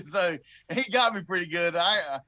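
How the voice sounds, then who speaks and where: High-voiced man telling a story. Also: moderate pace. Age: 40s. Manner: animated, laughing, stammering restarts. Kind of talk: casual storytelling.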